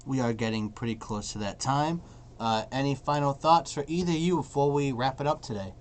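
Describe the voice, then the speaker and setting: A man's voice: mid-range voice, brisk, slight background noise. Laid-back male podcast host. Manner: laid-back, laughs a lot. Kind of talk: casual podcast chat.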